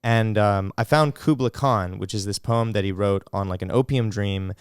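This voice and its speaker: A man's voice: fairly low pitch, normal speed, clear, resonant tone, no echo, studio quality. A man in his twenties, a podcast guest, chatting casually in a laid-back way with lots of filler words. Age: 20s. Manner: laid-back, laughs often, many "like" fillers. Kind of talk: casual chat.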